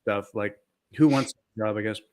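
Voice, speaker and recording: A man's voice: on the low side, moderate pace, darkish tone, clean tone. Easygoing, hesitant man in podcast chat. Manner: easygoing, hesitant with fillers, laughs often. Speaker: podcast co-host. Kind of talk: casual chat.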